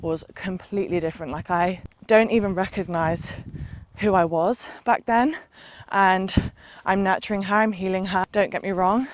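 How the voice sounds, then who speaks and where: A woman's voice: mid-range voice, steady tone, normal speed. A woman vlogger giving an earnest, passionate motivational talk to camera, with long run-on, repetitive sentences. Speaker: lifestyle vlogger. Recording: loud background noise.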